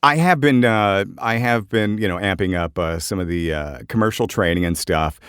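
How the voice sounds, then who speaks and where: A male podcast co-host speaks in a very low, laid-back voice, rambling with frequent fillers. His voice is recorded close and dry, with no room sound. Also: moderate pace, clear, resonant tone, dry recording. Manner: relaxed, joking, many fillers. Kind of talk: casual chat.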